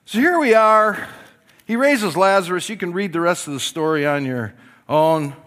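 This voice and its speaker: A middle-aged man preaching a sermon, telling the story with animated delivery that swings from loud to hushed and acting out voices. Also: high-pitched, normal speed. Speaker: pastor.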